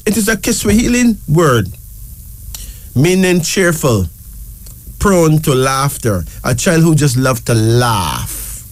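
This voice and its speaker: A man hosting a casual talk show, slowly spelling out each name letter by letter and repeating words for emphasis. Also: on the high side, big pitch swings, no echo. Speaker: show host. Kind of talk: casual talk presenting names.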